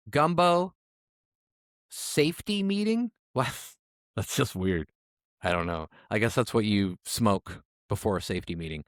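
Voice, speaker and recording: Lively-pitched man with wry asides. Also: measured pace, dry recording, studio quality. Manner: reads out odd names with wry asides. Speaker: podcast co-host. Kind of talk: casual chat.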